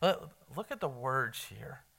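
A man's voice: medium pitch, expressive, a little slow, gravelly, a bit bright, slightly rough. A man preaching an evening sermon in a conversational, emphatic way, quizzing his congregation. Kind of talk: evening sermon with Bible reading.

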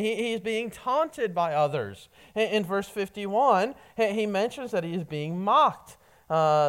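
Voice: mid-range voice, animated, unhurried. A preacher giving a sermon, often stumbling and repeating words as a phrase begins.

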